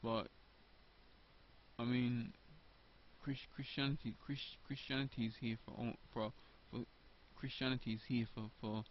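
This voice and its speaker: A man's voice: medium pitch, little pitch movement, a little slow. A man talking off the cuff about faith, stumbling and restarting, repeating words and filling gaps with ums. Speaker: video blogger. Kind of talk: unscripted religious monologue to camera. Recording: dull lo-fi home recording with faint hiss.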